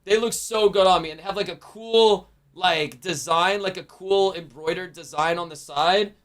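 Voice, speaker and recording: A male streamer talks casually with his chat, with loose slang and frequent self-corrections. His voice sits high for a man. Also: normal speed, fairly bright tone. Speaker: livestreamer.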